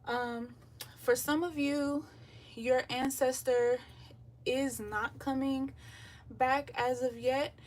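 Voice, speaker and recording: Speaking slowly and breathlessly, a woman with a slightly high voice leads a live tarot reading in an easygoing, chatty way, sprinkling in lots of ums. She sits a little away from the mic at her beachside home with the windows open, faint waves audible behind her.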